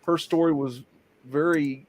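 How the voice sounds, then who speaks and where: A man's voice: fairly high pitch, steady tone, measured pace, no echo. A man with a Southern US accent hosting a casual live chat, telling rambling stories with many restarts. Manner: rambling storyteller, frequent restarts. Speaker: show host.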